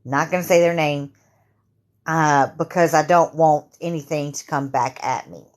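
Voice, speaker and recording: A woman in her fifties with a sore throat, telling her own story to camera in a halting way, full of fillers and restarts. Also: sits low. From Louisiana. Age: 50s. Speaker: vlogger.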